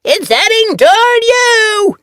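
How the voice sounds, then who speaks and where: A man voicing an excitable young male pet cat in an audiobook, with eager exclamations. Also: extremely high pitch, slow pace, no room sound, clean studio sound, voice pushed up, exaggerated voice. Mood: excited.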